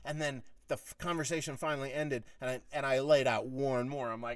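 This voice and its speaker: A man's voice: medium pitch, brisk, few pauses, dry recording, far from the mic. A middle-aged man telling a long story in casual monologue, swearing freely and acting out heated arguments. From United States. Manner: profane, animated, acts out heated quotes. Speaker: podcast host.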